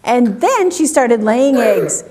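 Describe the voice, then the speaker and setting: A woman reading picture books aloud at a children's story time, asking questions and making animal sounds in a slow, sing-song way. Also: fairly high pitch, sing-song, dark tone, slight background noise.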